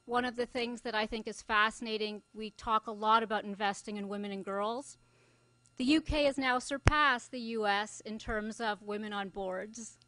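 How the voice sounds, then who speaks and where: A woman's voice: on the high side, fairly even intonation, normal speed, fairly bright tone, slight background noise. A middle-aged woman from Scotland, a journalist giving closing remarks at a conference in a loose, conversational way with fillers. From Scotland (Glasgow). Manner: conversational, thinking aloud with fillers. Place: conference venue.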